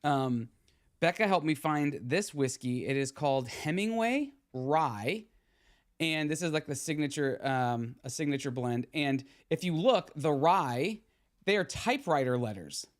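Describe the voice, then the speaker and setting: A man's voice: a little high, lively intonation, a little slow. A man, hosting a podcast in loose casual chat, full of fillers and restarts. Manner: rambling, many fillers and restarts. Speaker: podcast host.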